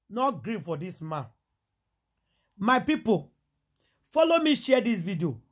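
A Nigerian woman running a celebrity gossip vlog in Pidgin-laced English, loud with exclamations and repeated phrases. Her voice is husky, and her pitch swings widely as she dramatizes each point. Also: very animated, slow, pauses often. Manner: theatrical, exclaiming, repetitive.

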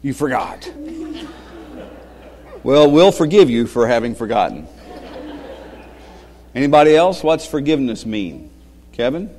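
A man giving a children's sermon as pastor, speaking gently, asking the kids questions and chuckling often. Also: mid-range voice, sing-song, unhurried, long pauses. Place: church sanctuary. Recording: long reverb of a church sanctuary.

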